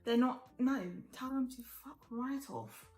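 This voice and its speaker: A woman's voice: sits high, measured pace, roomy sound, faint music behind. Blunt, chatty young woman vlogging. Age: 20s. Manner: chatty, blunt, swears freely; animated, emphatic advice. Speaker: lifestyle vlogger. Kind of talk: casual get-ready-with-me chat.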